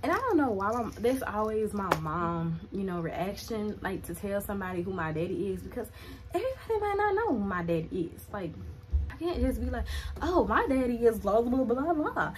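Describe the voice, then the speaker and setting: A woman's voice: medium pitch, big pitch swings, fairly quick. A young woman in a storytime vlog, retelling events in a chatty, dramatic way with many "like" fillers. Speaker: vlogger.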